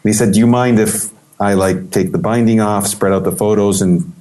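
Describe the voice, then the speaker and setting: Animated male interview guest. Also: on the low side, brisk. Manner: animated, acts out quoted voices, many restarts. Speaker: guest photographer. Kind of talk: casual storytelling interview.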